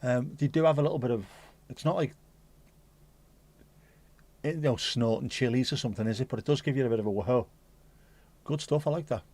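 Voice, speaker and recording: A livestream host at his home setup speaks in a brisk, mid-range voice with a darkish tone and frequent pauses. He talks casually to his viewers, responds to the chat out loud, and swears every so often.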